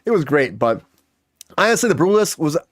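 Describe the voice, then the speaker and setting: Male comedy host, quick and animated, fairly high voice, close dry mic. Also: no room sound. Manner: fast, animated and joking, with quick impressions. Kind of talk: comedy entertainment news chat.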